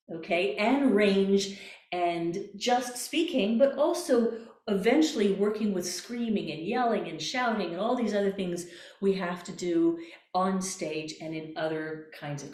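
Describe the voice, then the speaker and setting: A woman's voice: medium pitch, darkish tone, roomy sound. A woman voice coach leading a workshop, guiding breathing exercises with playful images and encouragement. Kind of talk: online voice workshop.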